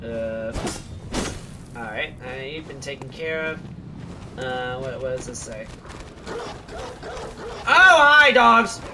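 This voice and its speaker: A gaming channel host giving let's play commentary, excitable, exclaiming and swearing at the game. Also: mid-range voice, a little slow, pauses often, distant mic, noisy background.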